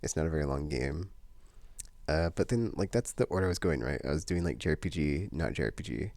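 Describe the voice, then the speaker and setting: A man talks through his plans in a loose, wandering way, piling up fillers and restarts. His voice sits extremely low with a gravelly edge, and the recording is dry. It sounds like easygoing monthly vlog chat. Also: animated, fast talker, darkish tone, no room sound. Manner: meandering, many fillers and restarts. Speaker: vlogger. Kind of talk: casual rambling chat.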